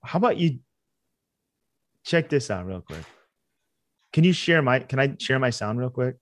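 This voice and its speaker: Man, podcast co-host, medium pitch, laid-back and playful, dry close recording. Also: very animated, measured pace, dry recording. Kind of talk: casual comedic chat.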